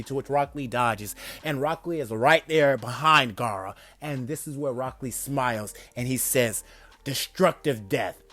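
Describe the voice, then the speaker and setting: A man casually narrating a fan-made story, excitable and often stumbling and correcting himself mid-sentence. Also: medium pitch.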